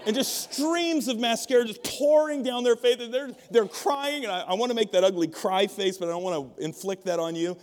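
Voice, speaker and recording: Man, pastor, sermon, joking and chatty, questions the congregation, high voice, church hall reverb. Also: fairly quick, hardly any pauses. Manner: humorous, conversational, quizzes the congregation. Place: church auditorium. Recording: long reverb of a large hall.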